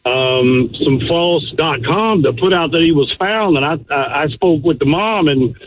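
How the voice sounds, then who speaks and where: A man's voice: on the high side, a little slow. Man, radio caller, earnest and worried, tinny phone line, faint hiss. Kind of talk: call-in to radio show.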